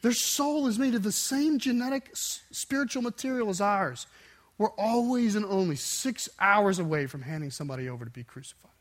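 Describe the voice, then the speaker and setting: A man with a notably high voice delivers a sermon. He preaches with intense emphasis, rising into forceful bursts and then dropping to quiet, low endings. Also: lively intonation, a little fast. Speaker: pastor.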